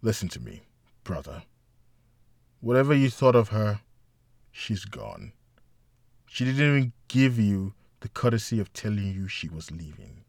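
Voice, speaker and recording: A man's voice: fairly low pitch, sing-song, unhurried, creaky, pauses often, darkish tone, no echo, clean studio sound, full character voice. A man playing a stern, caring friend. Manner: firm, urgent, patient pleading.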